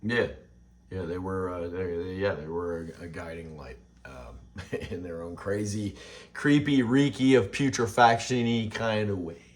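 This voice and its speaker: Rambling, frustrated man in his forties. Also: deep voice. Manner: rambling, frustrated, halting restarts. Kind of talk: casual vlog rant.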